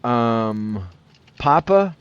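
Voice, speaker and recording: A man joining a casual podcast as a guest, speaking in a hesitant, halting way. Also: mid-range voice, expressive, clean tone, no echo, lo-fi sound.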